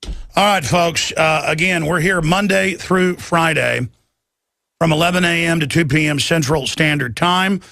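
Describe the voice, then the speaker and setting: This is a man hosting a talk radio interview, with a heavily gravelly, rough voice. He talks in an emphatic, rambling way, and his voice sounds close and dry with no room around it. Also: on the high side, measured pace, pushed and bright, dry recording. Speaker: radio talk show host.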